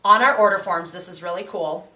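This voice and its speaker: A woman's voice: lowish voice, brisk, bright, forceful tone. A woman giving a casual, practical training talk to direct sales consultants, in a chatty coaching tone. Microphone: handheld camcorder. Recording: echoey room on a camcorder.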